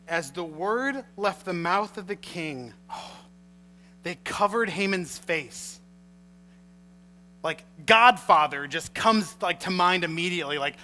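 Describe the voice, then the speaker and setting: Male pastor preaching, high bright voice, acts out the story scenes. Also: animated, takes it slowly, a little hiss or hum, low-quality recording. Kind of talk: sermon.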